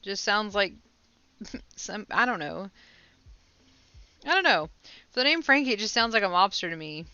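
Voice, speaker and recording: A woman's voice: mid-range voice, big pitch swings, moderate pace, long pauses, pushed and bright, clear, resonant tone, dry recording, lo-fi sound. A woman hosting a casual crochet livestream, chatting with viewers and laughing often. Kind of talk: casual live chat with viewers.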